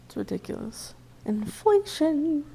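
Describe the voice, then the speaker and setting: A woman's voice: high-pitched, big pitch swings, a little slow, creaky, dark tone. A woman co-hosting a casual podcast chat, laid-back and joking, with frequent chuckles. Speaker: podcast co-host.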